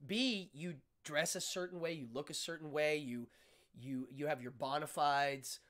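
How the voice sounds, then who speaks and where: A man hosting a casual interview chat, telling stories in an animated, excitable way. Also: fairly high pitch, moderate pace. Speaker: host.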